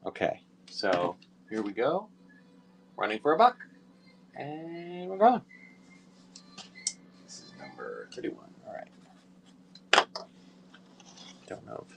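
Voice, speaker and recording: A man selling collectible figures on a live stream, talking casually to viewers and often correcting himself between quick auction calls. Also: lowish voice, huge pitch swings, vocal fry, fairly bright tone, a little hiss or hum. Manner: chatty, self-correcting, quick asides to viewers.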